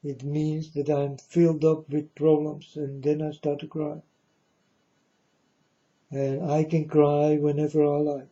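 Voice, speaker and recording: A man's voice: on the high side, monotone, slow, warm tone, highs cut off. A man giving a preachy monologue in broken, non-native English, emphatic and repetitive, often asking if the listener understands. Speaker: speaker addressing viewers.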